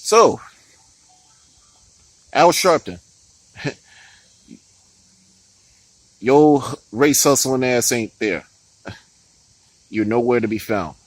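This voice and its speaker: A man's voice: medium pitch, very slow, long pauses, no echo, low-quality recording. A man giving heated, profane political commentary on his vlog, often stopping to laugh and restarting his words.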